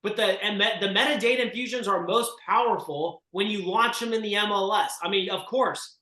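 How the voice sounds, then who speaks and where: Speaking fairly fast, a man with a high, bright voice drives a group coaching session for real estate agents. He hammers his points forcefully and keeps pushing everyone toward action, his voice echoing around the room.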